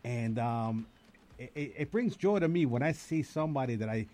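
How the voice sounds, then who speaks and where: A man's voice: medium pitch, animated, moderate pace, mellow. A man hosting a casual chat, a DJ who talks in an encouraging way and often repeats his words. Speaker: host and DJ.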